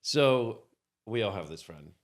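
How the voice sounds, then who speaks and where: A man telling an anecdote as a podcast guest, animated and acting out the people in his story. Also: on the low side, measured pace.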